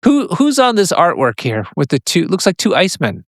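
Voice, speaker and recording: A man co-hosting a podcast about a tabletop game, in a relaxed, chatty way. His voice sits a little high, and he laughs easily and often lets sentences trail off. The recording is dry, with no room sound. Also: brisk, no echo. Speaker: podcast co-host.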